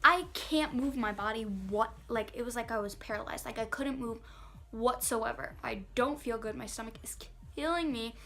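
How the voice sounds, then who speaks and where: A young woman vlogger telling a dramatic personal story, animated and acting out the quotes. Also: on the high side, moderate pace. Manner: animated storytelling, quoting others in acted voices. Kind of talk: storytime vlog. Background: faint background music.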